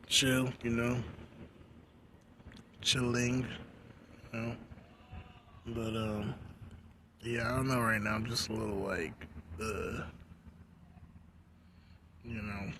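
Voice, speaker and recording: A man ranting casually in a vlog, rambling and profane, dropping to mumbles and rising to loud outbursts. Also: a little hiss or hum. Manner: profane, rambling, keeps saying "you know what I'm saying"; swings between mumbling low and loud outbursts. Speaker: vlogger. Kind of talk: casual rant.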